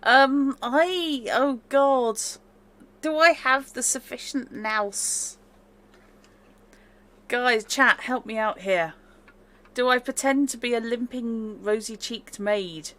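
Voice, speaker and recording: A woman's voice: fairly high pitch, slow pace, a bit bright. A woman, playing a solo tabletop game and talking through her choices in a chatty, exclaiming way. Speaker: player.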